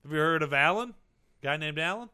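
Guy cohosting a comedy podcast, high voice, bright tone, deadpan jokes while reading trivia. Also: brisk, smooth. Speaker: co-host.

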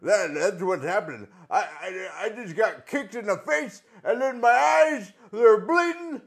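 A man doing a comedy impression of a brash, boastful aging male pro wrestler who yells and swaggers. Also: sits high, lively intonation, a little slow, creaky, voice pushed up, full character voice. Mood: indignant. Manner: loud, swaggering, with "woo" yells.

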